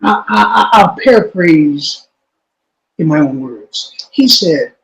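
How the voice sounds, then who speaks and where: High-voiced man telling a story. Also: lively intonation, slow pace, creaky, dull audio. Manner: street slang, repeats himself; drops to a low, quiet voice when quoting. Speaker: interview guest. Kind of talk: storytelling in an interview.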